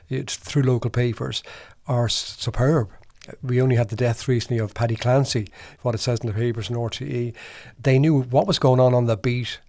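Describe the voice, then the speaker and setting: A man's voice: medium pitch, a little mellow, dry recording. An Irish man co-hosting a podcast, rambling enthusiastically in casual chat. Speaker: podcast co-host.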